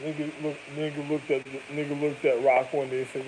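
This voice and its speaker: Male storyteller, animated and laughing, rough noisy take with radio bleeding in. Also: on the high side, a little fast. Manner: laughs often, loose street slang, swings from mutters to shouts. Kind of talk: rambling anecdote telling. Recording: noisy, radio playing behind.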